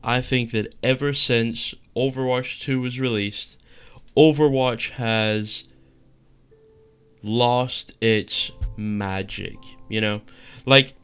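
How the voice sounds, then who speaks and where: A man's voice: mid-range voice, a bit bright, clean tone. A young man giving casual opinion commentary on a game, frustrated and rambling, restarting phrases and asking if you know what he means. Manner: frustrated, rambling with repeated restarts and filler questions. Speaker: gaming video creator.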